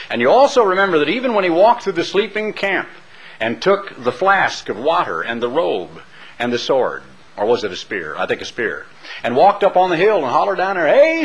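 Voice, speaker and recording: A man's voice: on the high side, husky, dull audio. A man preaching a sermon who tells Bible stories dramatically and stresses his points hard. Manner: dramatic storytelling, emphatic.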